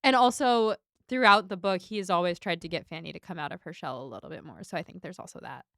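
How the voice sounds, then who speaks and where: A woman co-hosting a podcast, talking through a book in a chatty, loose way, with a smooth, clear voice. Her speech is full of "like" and "kind of" fillers. The sound is dry and close, with no room around it. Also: on the low side, fast, pushed and bright, no echo. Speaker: podcast co-host. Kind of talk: casual book discussion.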